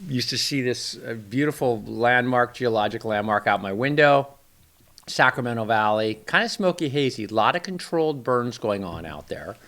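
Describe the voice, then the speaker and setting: Man, middle-aged, from northern california, weather forecaster, casual rambling chat, gravelly, mid pitch. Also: expressive, moderate pace, fairly bright tone. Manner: rambling, chatty, enthusiastic asides. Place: at home.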